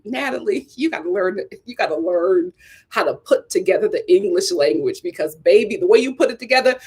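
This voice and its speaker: A woman hosting a live stream, giving sassy, animated commentary on a reality show and talking straight to her viewers. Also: medium pitch, a little fast, breathy edge. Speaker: live show host reviewing a reality series.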